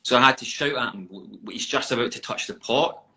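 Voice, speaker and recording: A man talks over a video call, his voice bright and forward. He tells stories in a lively, laughing way. His pitch sits in the middle range. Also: a little fast, low-quality recording. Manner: animated, laughing storyteller. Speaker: actor being interviewed. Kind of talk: casual chat.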